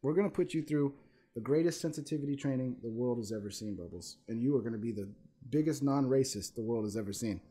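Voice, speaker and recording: A man's voice: medium pitch, lively intonation, fast, mellow, slightly rough. A man casually commenting on a video at home, laughing, swearing and mocking as he talks to his dog.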